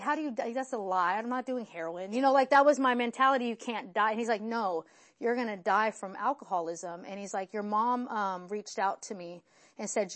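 Frank woman telling her recovery story. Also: on the high side. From West Virginia. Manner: frank and self-deprecating, rambling with fillers. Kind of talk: candid personal testimony.

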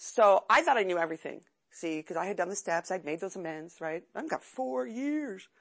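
A woman's voice: mid-range voice, lively intonation, normal speed, gravelly. A woman in her fifties from California giving a candid, chatty, self-mocking personal testimony at a recovery meeting. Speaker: speaker sharing at a recovery meeting.

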